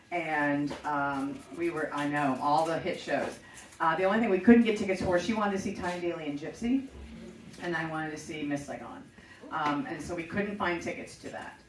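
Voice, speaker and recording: A woman's voice: low-pitched, roomy sound, far from the mic, a little hiss or hum, low-quality recording. A middle-aged woman hosting a show, telling a personal story in a chatty, profane, self-mocking way. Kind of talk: casual storytelling.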